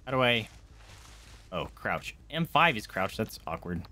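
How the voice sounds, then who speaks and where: Excitable male streamer, lively swooping delivery, swears often while playing. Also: fairly low pitch, unhurried. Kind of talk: gameplay commentary.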